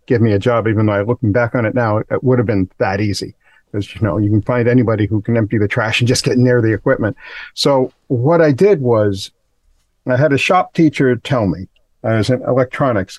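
A man's voice: medium pitch, darkish tone, no room sound. Dry-miked self-deprecating middle-aged man. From Massachusetts, USA. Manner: rambling, self-deprecating, restarts and fillers. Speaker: guest, recording engineer. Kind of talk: casual podcast interview storytelling.

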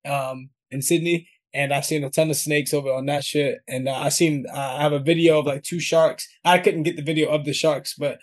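A man with a New York accent chats as an interview guest in a relaxed, slangy way. His voice sits a little high for a man, and he laughs often between stories. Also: a little fast, hardly any pauses. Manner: laid-back slangy talk, laughs often. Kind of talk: casual interview chat.

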